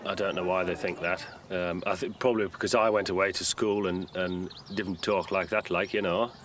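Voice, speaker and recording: Very deep-voiced hesitant farmer. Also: male voice, fairly even intonation, moderate pace, a bit bright. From Cumbria, England. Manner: modest, hesitant, many ums. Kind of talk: documentary interview. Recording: outdoor noise, rural background.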